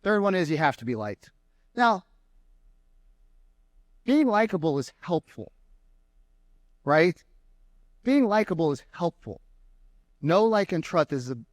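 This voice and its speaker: Guy, sales trainer on stage, punchy and a bit high-voiced, dry close mic. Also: unhurried, long pauses, no room sound. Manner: energetic, acts out mocking caller voices. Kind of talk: keynote talk to a live audience. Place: conference room with an audience.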